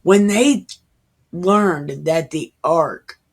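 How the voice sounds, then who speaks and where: She's a woman in her thirties with a voice on the low side, a little mellow, speaking very slowly. Reading from the Bible, she muses casually and irreverently, at times whispering.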